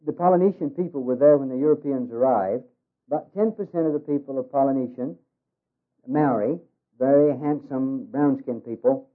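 A man giving a humorous talk as a ministry worker, in a folksy way with many hesitations. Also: medium pitch. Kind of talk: humorous speech with jokes. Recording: tinny phone-like radio recording.

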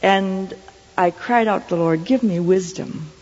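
A middle-aged woman preacher tells a personal story in an earnest, measured way. Her voice is mellow and slightly breathy. It rings out with a long hall reverb on a dull, lo-fi recording. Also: mid-range voice. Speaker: Christian speaker. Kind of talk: storytelling sermon testimony.

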